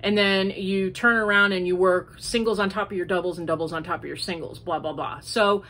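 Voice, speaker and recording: A woman's voice: mid-range voice, steady tone, fairly quick, fairly bright tone. A woman chats casually as the host of a homemade crafting podcast. She rambles and wanders through her thoughts. She speaks from home, in an easygoing, unscripted way. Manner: chatty and rambling, with many fillers. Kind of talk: casual chat.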